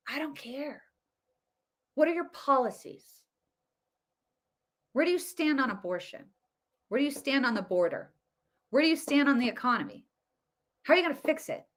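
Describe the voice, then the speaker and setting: Bright, emphatic woman commentator. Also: high voice. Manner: emphatic, repetitive. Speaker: political commentator. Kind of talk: casual political commentary.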